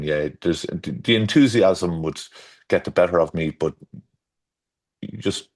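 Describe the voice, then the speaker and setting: A man with a deep, low voice chats casually as an interview guest. He rambles, restarts his sentences and drifts into storytelling asides, correcting himself as he goes. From Ireland. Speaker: garden designer guest.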